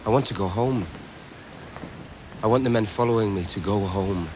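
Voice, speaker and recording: A man's voice: lowish voice, moderate pace, background noise, lightly acted. An actor playing a young man, a determined king at war, who speaks earnestly and gives orders. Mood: resolute. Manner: earnest, commanding.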